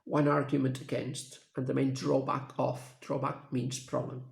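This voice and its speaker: Man, English teacher, gravelly voice, echoey room, patient lesson recap. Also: mid-range voice, little pitch movement, moderate pace. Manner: plain, patient classroom explaining.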